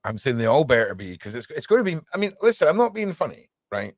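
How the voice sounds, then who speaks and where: A man hosting a casual livestream chat, rambling and joking excitedly. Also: mid-range voice, quick pace, no echo. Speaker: podcast host.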